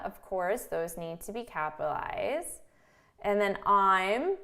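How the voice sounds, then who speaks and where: A woman teaching an English writing lesson, explaining each point step by step and checking in with "right?" and "okay?". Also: medium pitch. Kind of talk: online grammar lesson.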